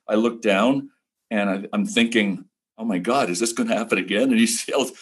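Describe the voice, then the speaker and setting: An older man, a retired broadcaster, telling animated stories as a podcast guest and acting out other people's lines. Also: mid-range voice, normal speed, breathy edge. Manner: animated, acts out quoted voices. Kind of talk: casual podcast storytelling.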